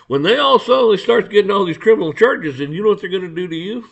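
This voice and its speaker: A man's voice: high-pitched, lively intonation, quick pace, gravelly, few pauses, a bit bright. A man hosting a casual ranting monologue, blunt and profane, stammering through restarts and acting out his run-ins with officials. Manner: acts out dialogue with officials. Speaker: podcast host.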